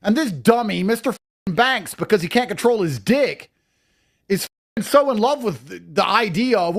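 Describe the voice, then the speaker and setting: A man's voice: high voice, big pitch swings, moderate pace, a bit bright. A man delivering a crude, lecturing rant as an online commentator. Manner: mocks others in put-on voices. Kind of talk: profane reaction rant.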